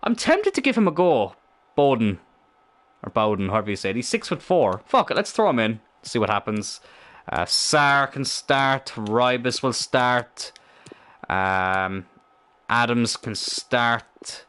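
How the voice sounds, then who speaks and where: Young man, gamer commentary, bright voice, excitable, swears a lot, thinks out loud. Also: mid-range voice, unhurried. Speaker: gamer commentating his own play. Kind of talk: casual let's-play commentary.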